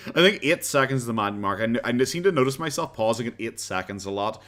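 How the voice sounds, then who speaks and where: A man's voice: medium pitch, animated, fast talker, fairly bright tone. An Irish man streaming live, chatting casually and reading out viewer comments in a rambling, self-interrupting way, often laughing. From Ireland.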